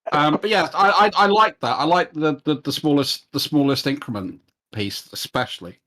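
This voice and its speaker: A Scottish man chatting in a casual online debate, hesitant with many restarts and a dry, dark humor. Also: a little high, normal speed. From Scotland. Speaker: discussion participant.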